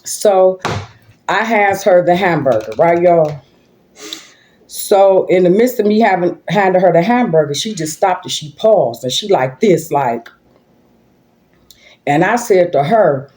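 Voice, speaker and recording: Eating lunch at home, a grandmother vlogger chats and meanders through a story for a casual mukbang video shot on her phone. She speaks in a lowish, dark voice at a measured pace with long pauses.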